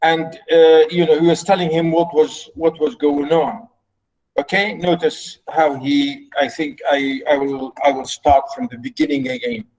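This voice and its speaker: A man giving a literature lecture. He talks slowly and haltingly, restarting often, in a fairly high voice. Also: steady tone, a little mellow, rough recording. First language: Arabic. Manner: halting, many fillers and restarts. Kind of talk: lecture explaining a play.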